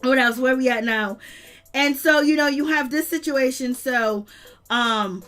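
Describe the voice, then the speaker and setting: A woman with a high, bright voice hosts a casual recap of a reality show. She retells each scene with energy and cheers loudly at the drama. Her speech carries a relaxed, street-flavored manner. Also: a little slow.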